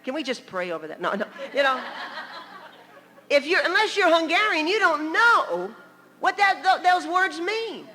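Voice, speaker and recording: A woman's voice: very high-pitched, big pitch swings, moderate pace, bright, forceful tone, big-room sound. An older woman from New York preaching a sermon as a story, chatty, with laughing asides and many "you know"s.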